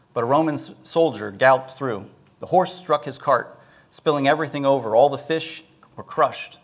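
A man's voice: medium pitch, fairly bright tone. A male preacher gives a sermon, telling a Bible story with some filler words.

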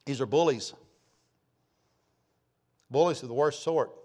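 A man of sixty preaching a sermon, reading scripture slowly and loudly, then dropping to low, quiet asides. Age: 60s. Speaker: pastor.

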